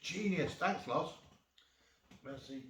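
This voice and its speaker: A man's voice: fairly high pitch, expressive, slow. A man chatting through a casual food vlog, rambling with jokey asides, recorded on a phone without an external mic. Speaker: food vlogger. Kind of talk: casual cheese-tasting vlog. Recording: roomy, distant phone mic, faint noise.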